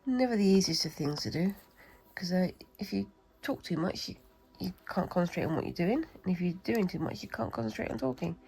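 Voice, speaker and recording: A woman's voice: lowish voice, lively intonation, fairly quick, creaky, hardly any pauses, dark tone, slightly rough, poor audio. A British woman with a cold, chatting and rambling casually as she demonstrates a craft, talking to herself while she works. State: has a cold. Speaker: craft vlogger.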